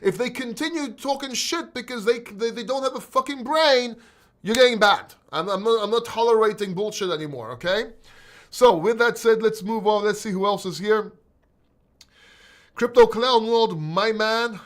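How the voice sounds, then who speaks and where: A talkative male host with a high-set voice, chatting on a livestream and reading chat messages aloud. He is blunt and casual, and he swears freely when he gets worked up. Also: moderate pace.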